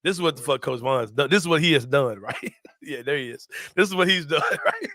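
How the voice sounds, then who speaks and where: A young man hosting a casual sports talk show, telling stories loudly, laughing often and swearing freely. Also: on the high side, animated, fast, dry recording, studio quality. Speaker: host.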